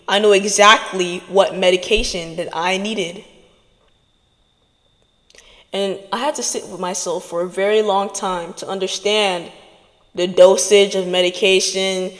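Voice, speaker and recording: A woman's voice: mid-range voice, fairly bright tone, big-room sound. A woman hosting a podcast, giving an earnest motivational talk straight to her listeners. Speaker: podcast host.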